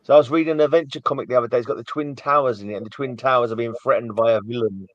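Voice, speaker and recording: A man's voice: medium pitch, steady tone, racing, no room sound. A man co-hosting a casual podcast chat in an easygoing, chatty way. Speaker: podcast co-host. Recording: dull, dry, lo-fi remote audio.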